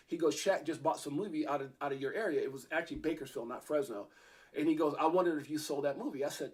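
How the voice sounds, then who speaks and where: A man hosting a casual interview, telling a long story in a quick, rambling way. His voice sits a little high, and he trips over his words, restarting often. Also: darkish tone, slightly rough. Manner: rambling, with many fillers and restarts. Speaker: podcast host.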